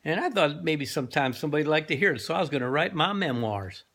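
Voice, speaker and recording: A man's voice: fairly high pitch, lively intonation, fast talker, a bit bright. A man voicing an old male talking Labrador who spins boastful, wistful tall tales.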